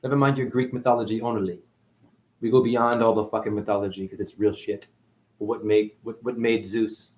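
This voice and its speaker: A man delivering a rambling spiritual monologue, profane and full of wordplay, who calls the listener honey and swings from mutters to excited outbursts. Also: lowish voice, brisk. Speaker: spiritual speaker. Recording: roomy echo.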